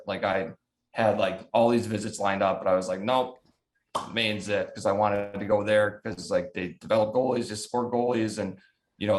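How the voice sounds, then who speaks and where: With a low-ish voice and a bit of hiss or hum on the audio, this man in his thirties tells stories and laughs often in a profane, casual podcast chat. He's an ex-hockey goalie from the south suburbs of Chicago, USA.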